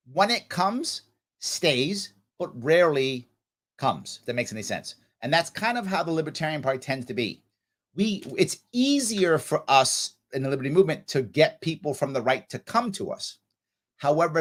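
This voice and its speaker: A man hosting a casual livestream Q&A, telling stories animatedly and acting out other people's voices. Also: medium pitch. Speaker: livestream host answering viewer questions.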